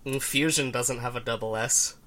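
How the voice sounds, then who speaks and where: A man's voice: medium pitch, fairly even intonation, moderate pace, sharp tone. A man co-hosting a podcast in casual chat, arguing his point insistently. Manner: insistent, argumentative. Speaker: podcast co-host.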